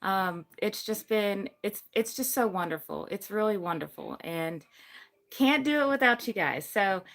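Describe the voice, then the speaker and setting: A woman's voice: mid-range voice, animated, measured pace, fairly bright tone. A woman hosting a casual livestream about her gecko breeding business, chatty and rambling, cooing over her geckos. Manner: rambling with many ums and likes.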